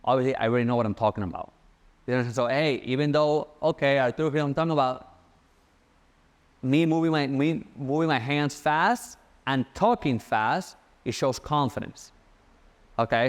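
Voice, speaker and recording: Young man, sales coach, casual talk, fast, animated, repetitive. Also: medium pitch. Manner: fast, animated, repeats key points.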